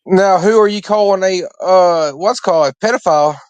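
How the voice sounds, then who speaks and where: A man calls into a livestream and talks haltingly, often stopping on filler words. The sound is dry and close, with no room around it. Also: high-pitched, smooth, no room sound. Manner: hesitant, full of fillers. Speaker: caller on a livestream. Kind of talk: casual call-in chat.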